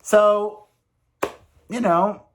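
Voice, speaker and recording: Man, 40s, single dad vlogger, chatty, rambling, emphatic, slightly high pitch. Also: fairly even intonation, very slow. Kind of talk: casual confessional vlog.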